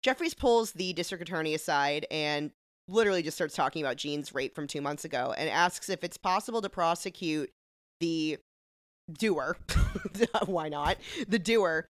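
A woman co-hosting a casual podcast recap, playful and jokey, slipping into quick impressions of characters. Her voice sits a little low for a woman and sounds dry and close to the mic. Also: no room sound. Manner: playful, jokey, acts out lines in quotes. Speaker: podcast co-host.

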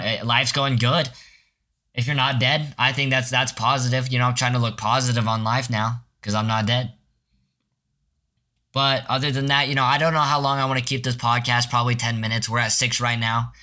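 A man's voice: mid-range voice, bright, forceful tone. A teenage boy hosting his first solo podcast, telling rambling stories with many restarts and self-mocking jokes. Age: teens. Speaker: podcast host. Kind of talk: casual solo podcast storytelling.

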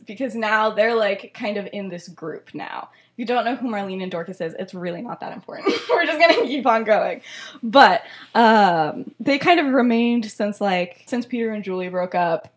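A young woman co-hosting a podcast, retelling a story in casual chat, rambling and filling it with "like" and "um". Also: medium pitch. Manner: rambling, full of "like" and "um". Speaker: podcast co-host.

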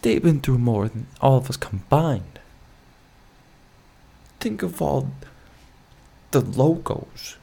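A man's voice: medium pitch, lively intonation, slow, vocal fry, pauses often, mellow, slightly rough. A young man hosting a solo podcast from his bedroom, rambling with lots of fillers and restarts, with dry self-mocking humor. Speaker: podcast host. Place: his bedroom, lamp in the corner.

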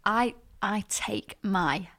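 Young northern english woman, mid pitch, animated podcast chat, lots of restarts and laughing. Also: drawn-out words. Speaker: podcast co-host. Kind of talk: casual chat.

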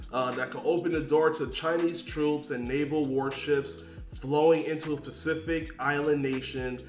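A laid-back man hosts a casual podcast, steering the chat and reading out headlines with small stumbles. His voice has a mid-range pitch. It echoes in a roomy space, with faint music behind. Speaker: podcast host.

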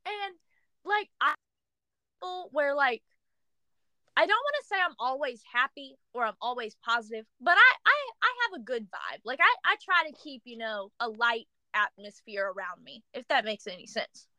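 A young woman co-hosting a podcast, telling a story in animated casual chat full of "like" fillers. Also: a little high, moderate pace, no room sound. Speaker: podcast co-host.

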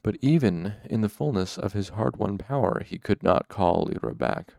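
A man reading a fantasy novel aloud as an audiobook narrator, measured and steady. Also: on the low side, gravelly, no room sound.

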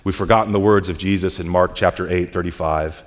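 A man preaching a sermon as pastor, earnest, often repeating words as he restarts, building to louder peaks. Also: low voice, fairly even intonation, a little fast, few pauses. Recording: long reverb of a church hall.

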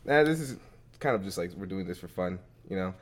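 A man's voice: low-pitched, animated, a little fast. A young man co-hosting a podcast, talking in a laid-back, slangy way and laughing often. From Las Vegas. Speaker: podcast co-host. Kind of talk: casual chat.

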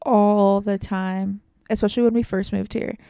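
A woman's voice: mid-range voice, steady tone, normal speed, dark tone, smooth, dry recording, clean studio sound. A young woman from Louisiana co-hosting a podcast, teasing and laid-back as she chats casually over a video call. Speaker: podcast co-host.

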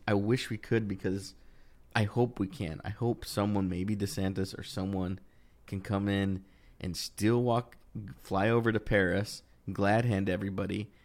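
Male co-host, low voice, casual chat, gets heated and restarts his sentences. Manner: animated, rising in pitch when worked up, many restarts.

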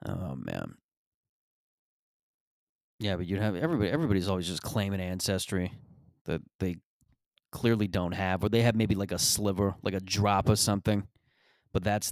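Male comedian host, low and smooth voice, dry close sound, loose riffing monologue. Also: lively intonation, brisk, pauses often, darkish tone, no room sound. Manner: rambling, riffing, profane.

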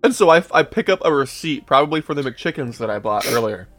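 A young man on a podcast, spinning a rambling story in a relaxed, swear-heavy way at a middle pitch. He chuckles at his own story as he goes, with faint music playing behind him. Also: a little fast. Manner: laid-back, swears often, laughs at his own story. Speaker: podcast host. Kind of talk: casual storytelling to co-hosts.

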